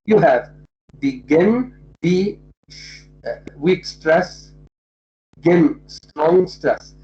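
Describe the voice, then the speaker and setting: A literature lecturer explaining a poem, speaking deliberately and repeating key points to make them plain. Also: mid-range voice, lively intonation, darkish tone, soft background music. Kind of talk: poetry lecture. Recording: dull lo-fi recording.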